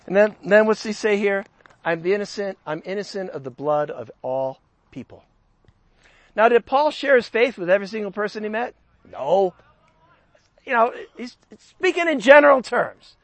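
Male pastor, high-pitched, dry recording, conversational sermon, animated scripture reading. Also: moderate pace, dry recording. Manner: animated, conversational, reads scripture with rising emphasis.

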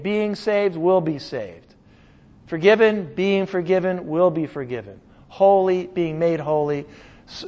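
A male pastor preaching with a high, lively voice. He talks to the congregation casually, full of asides and quick check-ins. The recording sounds dull and lo-fi. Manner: animated, conversational preaching with frequent asides. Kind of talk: sermon.

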